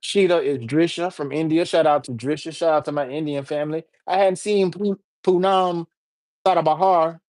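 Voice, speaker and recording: A man's voice: fairly high pitch, normal speed. A man hosting a casual livestream, joking and talking straight to his viewers. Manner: animated, repetitive, jokey, addresses viewers directly. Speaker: livestream host.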